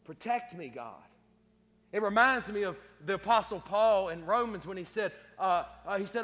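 A man preaching a fiery sermon with a very high, ringing voice. His tone is bright and forceful, and it swells into loud cries. The sound carries the long reverb of a big hall. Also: lively intonation, normal speed. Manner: impassioned, rising to loud cries.

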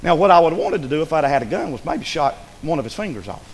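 A man preaching a sermon as pastor, telling a story with fervour, dropping to a hush and then rising to a shout. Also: a little high, animated, rapid-fire, slight background noise. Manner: fervent storytelling, swings between hushed and shouted. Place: church sanctuary. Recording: echoey hall with faint ambience.

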